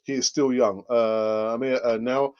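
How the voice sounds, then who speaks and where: A man's voice: mid-range voice, fairly even intonation, measured pace, clear, resonant tone. A man hosting a casual live fan stream, joking, laughing often and reading out viewer comments. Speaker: host of a live fan channel. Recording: dull lo-fi microphone sound.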